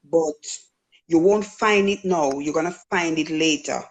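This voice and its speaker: Her voice is deep and unhurried: a middle-aged woman from Jamaica, speaking with a Jamaican accent, giving casual testimony. She earnestly relates something personal, performing the quoted voices as she goes.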